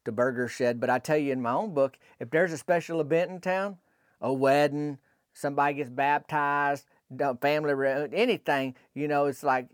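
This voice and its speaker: A man's voice: on the high side, steady tone, normal speed, dry recording, studio quality. A man telling a folksy comic story in a rambling, colloquial way, full of asides. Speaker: podcast storyteller.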